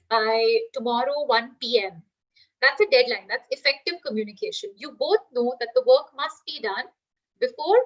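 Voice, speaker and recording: A woman's voice: high voice, fairly bright tone, dull audio. A woman teacher giving a live online class, explaining with everyday examples and asking the class questions.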